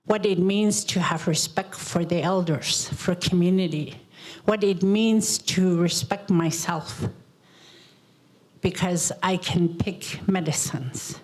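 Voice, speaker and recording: A woman in the audience of a panel, sharing teachings in a reflective comment and telling stories slowly and deliberately, with repetition. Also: mid-range voice, a little mellow, low-quality recording. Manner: slow, deliberate storytelling with repetition.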